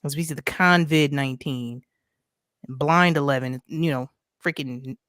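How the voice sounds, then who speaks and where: Low-voiced woman ranting emphatically. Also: moderate pace, a bit bright, no echo, clean studio sound. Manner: emphatic, repeats points with rhetorical "right?". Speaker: podcast co-host. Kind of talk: casual ranting commentary.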